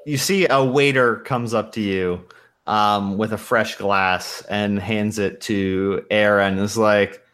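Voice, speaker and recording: A man narrating as game master of a tabletop game, relaxed with lots of fillers and laughs. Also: fairly low pitch, slow, clear, resonant tone.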